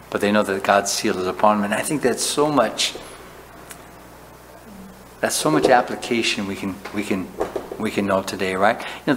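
Speaking in a fairly low, fairly bright voice, a pastor gives a conversational sermon, regularly pausing on a "right?" to check in with listeners. His voice rings with long hall reverb, and faint room noise sits underneath.

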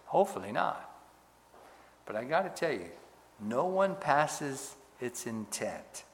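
Slow preaching man, hall reverb. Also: mid-range voice, sing-song, a little hiss or hum. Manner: preacherly, emphatic with dramatic drops to quiet. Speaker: pastor. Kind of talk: sermon.

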